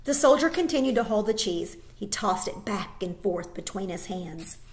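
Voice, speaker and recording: A woman's voice: medium pitch, moderate pace. Woman teacher reading a novel aloud. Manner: expressive, with small slips.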